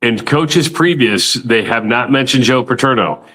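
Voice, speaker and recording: A man's voice: medium pitch, lively intonation, a little slow, pushed and bright. Loose, opinionated male sports-radio host. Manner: opinionated, loose, repeats words when starting. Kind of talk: casual sports talk.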